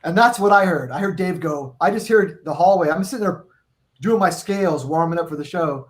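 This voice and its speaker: A man on a video call stream, telling tour stories in an animated, rambling, profane way. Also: fairly high pitch, fairly quick. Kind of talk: casual storytelling on a live video stream.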